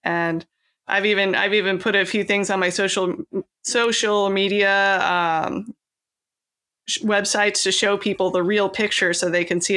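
A woman author from California talks in a relaxed, rambling way as a podcast guest, full of "um" and "you know" and quick laughs. Her voice sounds bright and forward. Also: mid-range voice. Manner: chatty, laughing, many fillers and restarts. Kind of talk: casual interview chat.

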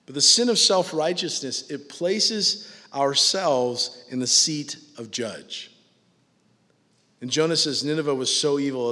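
A man preaching a sermon, animated and mocking in his asides, acting out the voices he quotes. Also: fairly high pitch, measured pace, in a large hall. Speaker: pastor.

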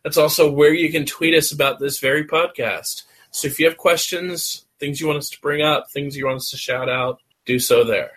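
A man's voice: on the high side, fairly even intonation, moderate pace, few pauses, fairly bright tone. A man co-hosting a podcast, chatting casually with a wry, eager manner. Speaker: podcast co-host.

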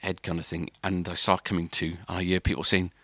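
A man's voice: low-pitched, little pitch movement, fast, sharp tone, dry recording, clean studio sound. A man telling a long story on a podcast, rambling and restarting often. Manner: rambling, lots of filler and restarts. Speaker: podcast co-host. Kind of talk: casual storytelling.

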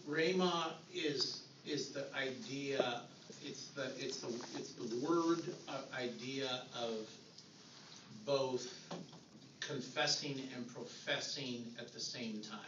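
A man, a pastor in the congregation, answering slowly and hesitantly with many fillers, recorded from across a church hall. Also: medium pitch, fairly even intonation. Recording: distant, roomy, dull, noisy.

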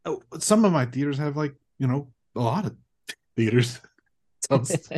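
Male podcast guest, husky voice, jokey and rambling, casual. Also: medium pitch, lively intonation, moderate pace, darkish tone. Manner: rambling, jokey, trips over words. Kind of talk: casual movie chat.

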